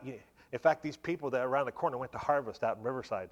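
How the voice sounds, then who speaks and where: A man's voice: medium pitch, quick pace, hardly any pauses. Man in his forties telling a testimony. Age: 40s. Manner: conversational storytelling with many fillers. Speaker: speaker giving a testimony at church. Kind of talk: sermon testimony.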